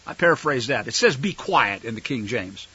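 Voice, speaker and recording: A man's voice: mid-range voice, sing-song, moderate pace, heavy background noise. A man teaching from the Bible in a casual, chatty way, with wry asides to his listeners, on a dull lo-fi recording. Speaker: preacher.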